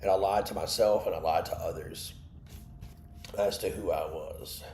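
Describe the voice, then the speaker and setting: A man's voice: low-pitched, fairly even intonation, moderate pace, mellow, reverberant, a little hiss or hum. A man hosting an online Bible study, candidly sharing an emotional personal testimony and breaking off to answer his live chat.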